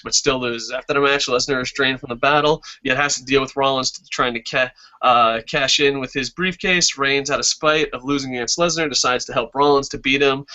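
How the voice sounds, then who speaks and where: A man hosting a wrestling talk stream, ranting casually with lots of swearing. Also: medium pitch. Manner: profane, ranting, excitable. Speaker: wrestling talk show host. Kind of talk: casual live-stream chat. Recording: dull lo-fi stream audio.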